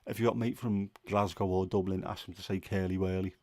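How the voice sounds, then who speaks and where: A man's voice: low voice, steady tone, quick pace, darkish tone, dry recording, clean studio sound. A man hosting a casual livestream chat, rambling and musing with plenty of fillers and restarts. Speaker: livestream host.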